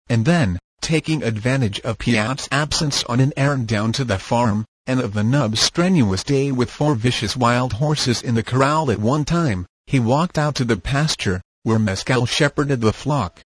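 Brief: male audiobook narrator, husky, dry close mic, steady measured reading. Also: medium pitch, no room sound, poor audio. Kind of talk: scripted narration.

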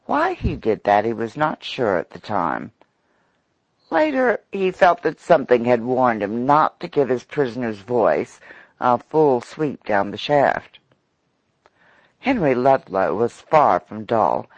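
A man narrating an audiobook story in an expressive, dramatic manner. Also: mid-range voice, slow pace, dry recording, highs cut off.

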